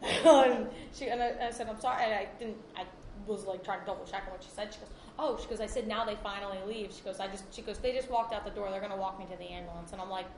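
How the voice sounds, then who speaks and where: A woman rattles through a story from her EMS work at a quick clip, quoting partners and patients as she goes. The room is echoey and there is steady noise in the background. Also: medium pitch. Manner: animated, quotes others in lively voices. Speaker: EMS worker. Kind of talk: casual storytelling.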